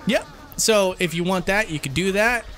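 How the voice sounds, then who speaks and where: Bright, high-voiced man hosting a podcast. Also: moderate pace. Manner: upbeat, laughing often. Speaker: podcast host. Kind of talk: casual gaming chat.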